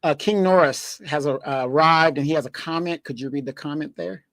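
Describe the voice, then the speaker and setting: A woman's voice: sits low, a little fast. A woman helping a livestream host with the comments, giving brief, helpful prompts.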